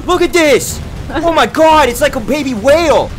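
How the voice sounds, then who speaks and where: A man voicing an excitable young fisherman with a Boston accent, shrieking high and frantic. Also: normal speed, soft background music. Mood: freaking out.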